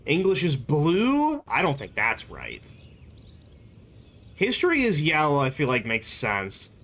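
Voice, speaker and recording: A young adult streamer rambling and joking with chat at an unhurried pace. Their pitch swings widely from low mutters to high yelps, and their thoughts jump from one topic to the next. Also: wildly swooping pitch, fairly bright tone. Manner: rambling, playful, jumps between topics. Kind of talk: casual live-stream chat.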